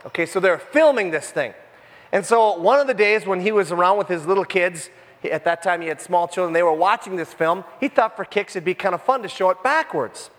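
A man preaching a sermon in a conversational, animated way, full of jokey asides. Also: high-pitched, in a large hall. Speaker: pastor. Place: church room with a congregation.

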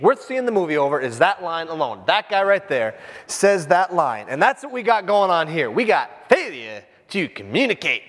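A man in his fifties, a pastor preaching a sermon to his congregation, animated and jokey, speaking right to the crowd. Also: sits high, moderate pace, big-room sound. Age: 50s. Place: church with a congregation.

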